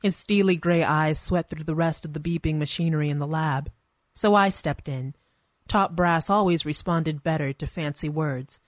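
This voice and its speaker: A woman's voice: deep voice, normal speed, no room sound, studio quality. A woman narrating a first-person story in a wry, conversational manner.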